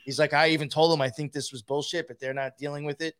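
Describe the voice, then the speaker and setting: A man's voice: a little high, flat delivery, fast talker, fairly bright tone. Profane New man telling a story. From New York. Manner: profane, rambling, laughs while telling. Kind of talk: casual storytelling.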